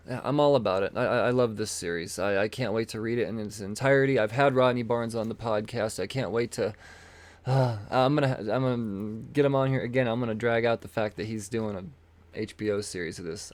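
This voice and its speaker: A man's voice: lowish voice, brisk, no room sound. Eager stammering man with a dry close sound. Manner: enthusiastic, rambling, stammers on repeated words, swears casually. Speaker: comic book podcast host. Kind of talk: casual solo talk showing comics.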